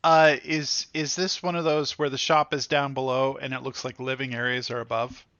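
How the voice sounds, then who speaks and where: A man's voice: medium pitch, little pitch movement, moderate pace, a bit bright, no room sound. A man playing in a tabletop game, playfully declaring his character's actions. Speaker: player. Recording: slightly dull lo-fi audio.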